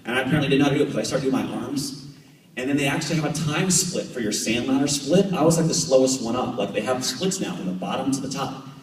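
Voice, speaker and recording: A man's voice: medium pitch, fast, recorded from a distance. American man telling stories in an echoey hall. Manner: animated, acts out conversations, many fillers. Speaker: guest speaker, professional triathlete. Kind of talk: storytelling talk to a club audience. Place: club meeting room with audience. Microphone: camera at the back of the room.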